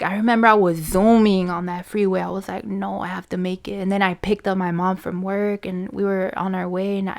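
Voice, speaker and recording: A woman's voice: medium pitch, gravelly. A woman hosting a podcast, telling a personal story in a casual, chatty way, full of "like" and "you know" and free swearing. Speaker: podcast host.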